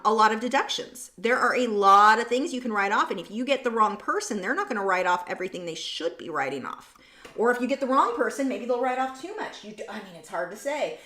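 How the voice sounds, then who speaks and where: A woman's voice: mid-range voice, pushed and bright. A woman artist chatting casually on a livestream as she paints and reads viewer comments aloud. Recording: echoey room.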